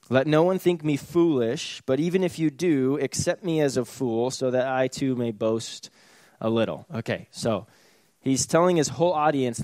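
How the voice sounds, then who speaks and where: A man's voice: mid-range voice, a little mellow, no room sound. A man preaching a sermon in a casual, conversational way, with sarcastic asides and chuckles. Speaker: pastor.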